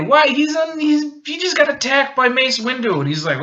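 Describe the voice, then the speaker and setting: A man's voice: very high-pitched, wildly swooping pitch, normal speed, hardly any pauses, sharp tone, dull audio. A drunk man rambling and joking through a casual recap of a film plot. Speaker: vlogger.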